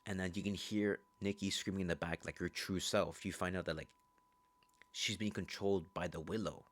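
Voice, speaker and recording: Male movie reviewer with a deep voice, casual and profane, rambles through a plot recap with lots of "like" and "bro". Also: steady tone. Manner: rambling, profane, fast storytelling.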